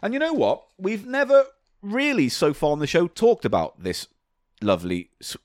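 A man's voice: high-pitched, very animated, moderate pace, a little mellow, no room sound, studio quality. A man co-hosting a comedy podcast, teasing and laughing through casual banter. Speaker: podcast co-host.

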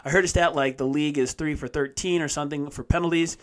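A man co-hosting a podcast, reading a listener question aloud in a steady, plain way with small stumbles. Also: on the high side, quick pace, a little hiss or hum.

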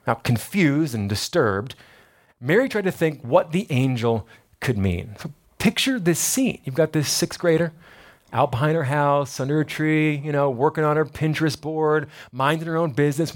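Male pastor, animated conversational sermon, slightly higher voice.

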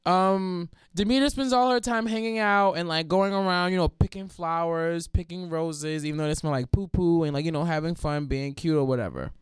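A man's voice: a little high, normal speed, few pauses, smooth, dry recording, studio quality. Young man, crude rambling storyteller. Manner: crude, slangy, rambling with many fillers. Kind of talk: casual comedic storytelling.

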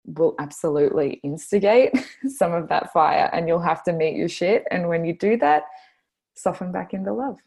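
A woman in her twenties with an Australian accent, a guest talking casually on a podcast, earnest and quick to laugh. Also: on the low side, lively intonation, gravelly, darkish tone, husky. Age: 20s. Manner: earnest, laughs often, speaks slowly when stressing a point.

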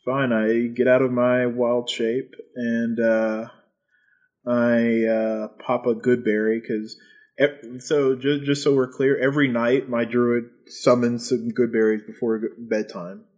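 A man talking casually as a player in a tabletop game, matter-of-fact and a little halting. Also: medium pitch, level tone, darkish tone.

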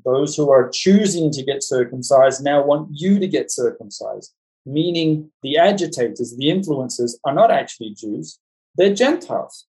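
A man teaching a Bible study group, talking in fast, halting bursts with many restarts and fillers. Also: a little high, a little mellow, rough recording. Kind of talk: lecture with group discussion.

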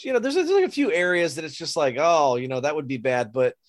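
Teacher guy on a podcast rambling and restarting a lot, bit higher voice, dry sound. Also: lively intonation, fast talker, no echo. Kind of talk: casual chat.

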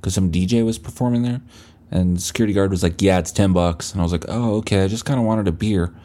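Deep-voiced man rambling profanely. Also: quick pace, mellow. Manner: rambling, profane, self-mocking storytelling. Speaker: podcast host. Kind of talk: casual solo monologue.

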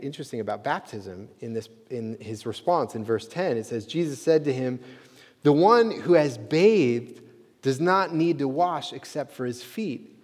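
A man's voice: medium pitch, a little mellow. A man preaching a sermon as pastor, earnest and conversational, with frequent fillers like "you know" and "uh.". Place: church sanctuary. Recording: long hall reverb.

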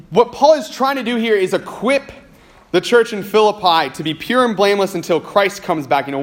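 High-voiced man preaching a casual sermon. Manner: conversational, uses casual fillers while reading scripture aloud. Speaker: pastor.

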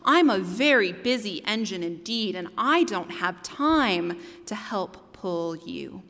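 A brusque male freight engine from a storybook, low and bellowing, far too busy for anyone, as a woman puts him on. A long hall reverb trails behind. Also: lively intonation, slow, fairly bright tone.

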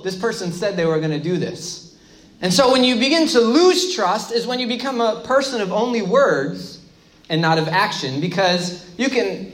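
A man giving a conversational sermon as a pastor, speaking informally, repeating key phrases and asking the audience questions. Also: high voice. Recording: echoey room.

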